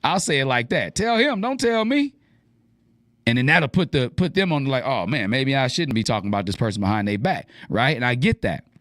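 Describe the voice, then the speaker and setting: A man's voice: mid-range voice, expressive, brisk, few pauses, a bit bright, no room sound, clean studio sound. A man hosting an advice radio show, talking casually and animatedly in slang and acting out the lines he quotes.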